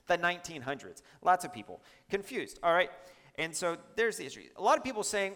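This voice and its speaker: Man preaching with a gravelly lively voice. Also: a little high, brisk, big-room sound. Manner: emphatic, with chatty asides to the congregation. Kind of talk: sermon.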